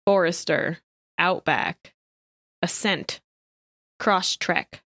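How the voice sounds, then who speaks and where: A woman hosting a podcast in casual group chat, excitable, laughing often and swearing casually. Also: fairly low pitch, extremely slow. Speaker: podcast host.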